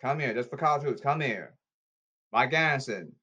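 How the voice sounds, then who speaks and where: Man, rambling repetitive orders, pitch jumping all over, loud then quiet. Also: animated, moderate pace, slightly rough, muffled recording. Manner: repetitive, issuing commands and calls. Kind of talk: rambling monologue.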